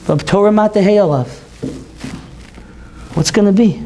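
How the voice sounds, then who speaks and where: A man who is a rabbi and teacher, giving an impassioned sermon at an event that builds to near-shouts. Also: sits high, moderate pace. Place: event hall.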